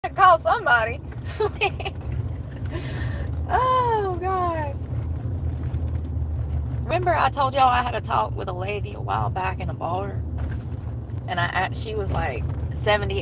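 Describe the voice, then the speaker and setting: A woman's voice: mid-range voice, measured pace, long pauses. A middle-aged woman, chatting and laughing often on a livestream from her car. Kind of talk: casual chat while driving. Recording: car and road noise behind.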